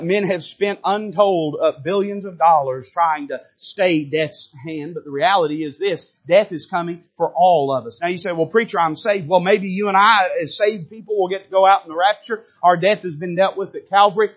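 A pastor preaching a fervent sermon in a church, addressing his congregation directly and rising and falling sharply in pitch and loudness. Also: moderate pace, hardly any pauses. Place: church sanctuary.

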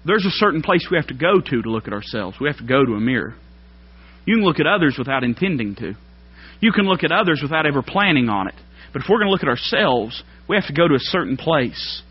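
A man preaching a sermon, folksy and plain-spoken, climbing to loud emphatic peaks. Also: on the high side, sing-song, fast, slightly rough. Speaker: pastor. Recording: dull lo-fi sermon recording.

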